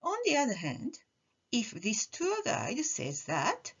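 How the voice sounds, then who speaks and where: A woman teaching a lesson, her voice rising and falling a lot as she acts out example phrases. Her tone is soft and breathy, and she explains things patiently. The audio sounds a little muffled and dull. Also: on the high side. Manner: slow, careful explanation with animated demonstrations of intonation. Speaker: language teacher.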